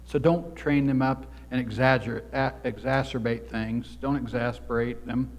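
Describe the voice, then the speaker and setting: A pastor with a medium-pitched, steady voice preaches a sermon at normal speed in a reverberant church sanctuary. He is earnest and exhorting, his voice swelling louder for emphasis.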